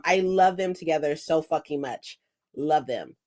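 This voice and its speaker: A woman, chatting casually on a live stream, rambling excitedly and swearing freely. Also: low voice, normal speed, noisy background. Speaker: book streamer.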